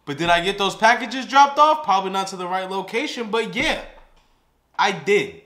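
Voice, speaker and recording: Animated, high-voiced man joking around. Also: fairly quick. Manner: animated, joking, laughs often. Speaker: reaction show host. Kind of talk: casual reaction chat. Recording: roomy echo.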